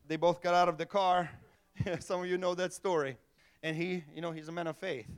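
A middle-aged male pastor preaching a sermon in an animated way, acting out little voices and laughing often. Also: high voice, normal speed, clean tone.

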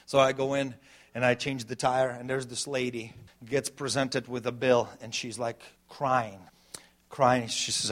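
A middle-aged man preaching a sermon as pastor, swinging between loud emphatic lines and quiet storytelling, laughing between points. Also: mid-range voice. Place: church.

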